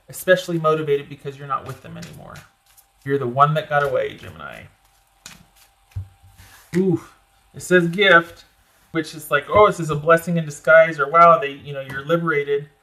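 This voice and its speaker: A man's voice: a little high, pushed and bright. A man giving a casual tarot reading, rambling and chatty with lots of fillers, his voice getting a little crackly. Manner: chatty and rambling, with many "like" and "you know" fillers. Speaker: tarot reader.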